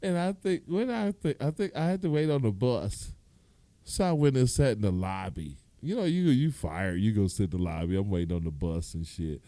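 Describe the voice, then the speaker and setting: Loud, animated man telling a stand-up story. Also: fairly low pitch, normal speed, no echo. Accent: Detroit. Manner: loud animated storytelling, acting out quotes, frequent laughing. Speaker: stand-up comedian.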